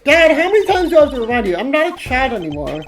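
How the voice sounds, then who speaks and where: A woman voicing a cheeky teenage girl magician who speaks in a quick, bright, bouncy way. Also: a little high, lively intonation, natural voice. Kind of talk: reading game dialogue aloud on a stream. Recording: music playing behind the voice.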